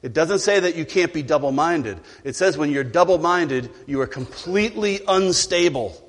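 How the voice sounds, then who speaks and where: Emphatic preacher in an echoey church. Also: male voice, a little high, expressive, normal speed. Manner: emphatic, asks rhetorical questions. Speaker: pastor. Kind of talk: sermon. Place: church sanctuary.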